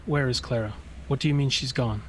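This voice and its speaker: A man doing a restless ghost of a man, pleading and pushy, asking question after question. His voice sits at an ordinary middle pitch, with a faint hiss of noise behind it. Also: a little fast, close to an everyday voice. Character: ghostly man, anxious and demanding.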